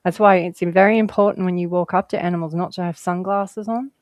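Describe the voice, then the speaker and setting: A woman's voice: on the low side, fairly even intonation, fairly quick, darkish tone, no echo. A woman guest telling stories in casual conversation, chatty and rambling, laughing often.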